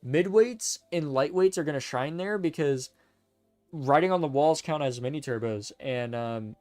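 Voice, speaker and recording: Speaking at a normal pace in a voice on the high side, a chatty man gives casual live-stream commentary, rambling, stammering, and correcting himself as he goes. Soft background music plays, and there's no room sound.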